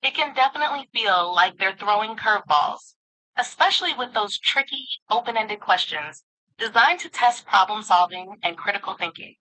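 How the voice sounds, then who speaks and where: A woman's voice: mid-range voice, lively intonation, moderate pace, pushed and bright, rough recording. A synthetic woman's voice of an AI assistant, speaking in a polished, upbeat and affirming way. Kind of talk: synthetic conversational assistant speech.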